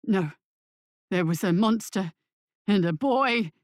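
A woman's voice: medium pitch, lively intonation, dry recording, clean studio sound. A woman voicing a shaken young male thief who stammers and halts as he speaks, in a storybook reading. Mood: frightened. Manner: stammering, halting.

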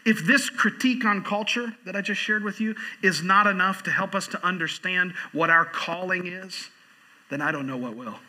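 A man's voice: high-pitched, moderate pace, bright, forceful tone, rough recording. A man pastor preaching a sermon in church, repeating phrases for emphasis and reading a quote aloud.

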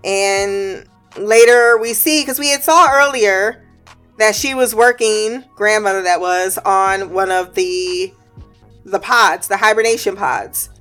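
A woman's voice: mid-range voice, takes it slowly, fairly bright tone, faint music behind. A woman giving a casual, laugh-filled recap of a show, swearing freely and throwing in slangy asides. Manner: acts out characters' lines while retelling.

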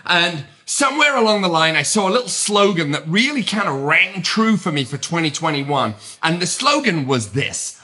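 Upbeat British man, bright high voice. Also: normal speed. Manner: energetic, upbeat, emphatic. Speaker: podcast host. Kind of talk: motivational podcast monologue.

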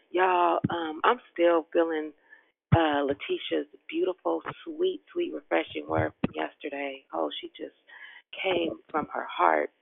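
A woman's voice: low-pitched, creaky, dry recording. A woman, hosting a devotional prayer call in an exuberant, folksy way and laughing often. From Richmond, Virginia. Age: 50s. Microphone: phone. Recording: tinny phone line, dry.

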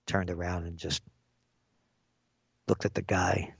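Gravelly older man ranting. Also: deep voice, level tone, slow pace, no room sound. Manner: angry, sarcastic, punchy. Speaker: commentator. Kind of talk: political rant monologue. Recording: dull lo-fi, dry sound.

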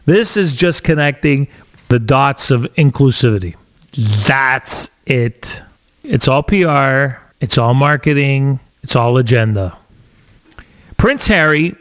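A man's voice: mid-range voice, a bit bright. A man hosting a podcast from a studio, delivering an agitated, sarcastic opinion monologue. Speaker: podcast host.

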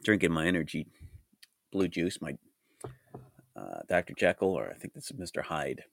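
A man hosting a solo podcast with a groggy, hoarse voice from a cold, talking in a rambling, reflective way. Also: low-pitched, sing-song, normal speed, long pauses, fairly bright tone, no room sound, studio quality. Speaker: podcast host. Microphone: studio mic.

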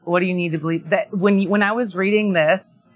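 A woman's voice: on the low side, fairly even intonation, brisk, faint music behind. A woman interviewing a guest in casual conversation, affirming him with many short agreements.

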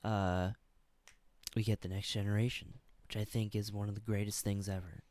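A man in a casual movie chat, a relaxed and enthusiastic fan who swears casually. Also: on the low side, moderate pace, dry recording. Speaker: podcast co-host.

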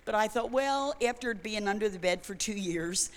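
A woman's voice: medium pitch, lively intonation, normal speed. An older woman preaching a sermon in a conversational, emphatic way, telling personal stories. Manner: conversational, emphatic, self-correcting. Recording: long hall reverb.

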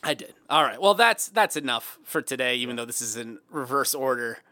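A man co-hosting a podcast, telling a story about himself in casual chat with lively, self-mocking energy. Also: medium pitch, brisk, dry recording. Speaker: podcast co-host.

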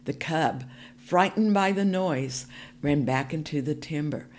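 Low-voiced, slow woman storyteller. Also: a little hiss or hum. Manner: calm, measured first-person storytelling. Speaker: narrator. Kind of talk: storybook reading for a podcast.

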